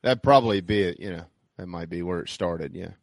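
Chatty low-voiced sports radio host. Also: male voice, brisk, vocal fry, no room sound. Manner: chatty, salesy, folksy. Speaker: sports talk show host. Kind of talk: sports radio talk with live ad reads.

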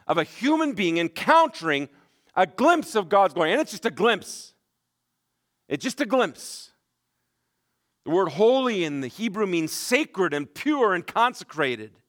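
Fervent preacher man, loud to hushed. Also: no echo, studio quality. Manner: dramatic swings from loud emphatic to hushed low delivery; repeats words and restarts, conversational asides. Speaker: pastor. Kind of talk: sermon.

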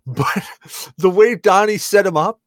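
A man hosting a podcast, tipsy from rum, telling a story in an animated, laughing way and swearing a lot. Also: high-pitched, unhurried, no room sound, studio quality. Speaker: podcast host. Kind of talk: casual storytelling chat.

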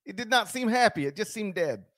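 A man's voice: sits high, expressive, fairly quick, a bit bright, no echo, studio quality. A man hosting a sports radio show in casual, joking banter with his co-host.

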